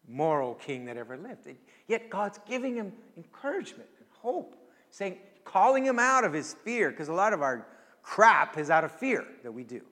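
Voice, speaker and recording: A man's voice: high voice, fairly bright tone. A man preaching a sermon as a pastor, casual and conversational, rising into emphatic pleading bursts. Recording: long hall reverb.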